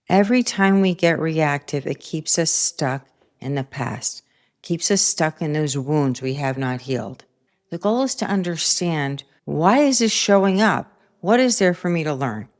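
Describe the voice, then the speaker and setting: A middle-aged woman speaks in a low, grounded voice, hosting a spiritual self-help talk. She is calm and reflective and weaves in personal stories as she goes. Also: a little slow. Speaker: host.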